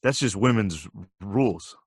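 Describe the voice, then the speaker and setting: A man trades wisecracks in relaxed podcast banter. He delivers his riffs in a dry, deadpan way. His voice sounds close and dry on a studio mic. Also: lowish voice, a little slow, slightly rough, dry recording. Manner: wisecracking, riffing on jokes with a deadpan tone. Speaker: podcast co-host. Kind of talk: casual banter.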